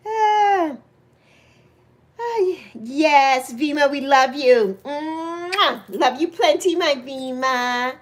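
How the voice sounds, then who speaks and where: Woman, 60s, livestream host; affectionate chatty delivery, unhurried, voice swings up high. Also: expressive. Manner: chatty, affectionate, greets viewers by name, laughs often. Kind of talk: casual livestream chat reading comments.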